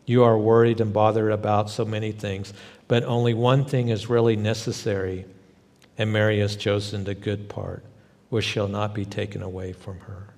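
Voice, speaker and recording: Jesus, a man giving a calm loving voice. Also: fairly low pitch, moderate pace, in a large hall, lightly acted. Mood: gentle. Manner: calm, soft, gentle.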